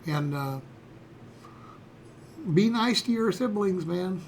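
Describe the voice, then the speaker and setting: A man in his sixties, a streamer, tells a personal story in a rambling, folksy manner, sprinkling in "you know" and "okay" throughout. His high-pitched voice is expressive and slow, with slight background noise.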